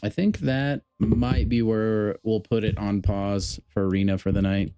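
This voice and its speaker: A man's voice: on the low side, fairly even intonation, unhurried, mellow, clean tone, dry recording. A man livestreaming a mobile game, chatting casually and upbeat to his viewers. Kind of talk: casual gameplay commentary.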